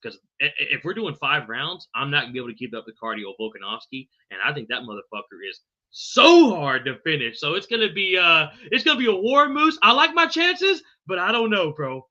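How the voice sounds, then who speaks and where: A man hosting a live stream with a sharp, piercing brightness in his voice, pitched a little high for a man. He talks loose and profane, calling everyone bro and brother and stumbling over names. The audio comes through dull and lo-fi. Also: big pitch swings, a little fast. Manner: fumbles unfamiliar names. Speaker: podcast host. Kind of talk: live podcast chat with viewers.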